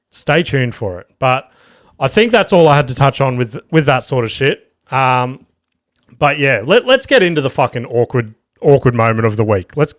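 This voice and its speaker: A man's voice: medium pitch, no room sound, clean studio sound. A young man hosting a solo comedy podcast, rambling and sweary, telling stories with lots of restarts and self-mockery. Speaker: podcast host.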